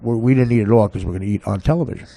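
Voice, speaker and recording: A man's voice: lowish voice, racing, creaky, dark tone, no echo. A podcast host telling a comic story in a rambling way, often laughing at his own tale.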